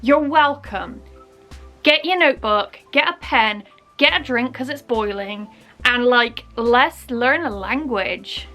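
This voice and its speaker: Young Bristol woman vlogger, playful and jokey, high-pitched with light music under her. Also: slow, pushed and bright. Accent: Bristol English. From Bristol, England. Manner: playful, jokey, puts on exaggerated local phrases. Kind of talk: comic explainer vlog.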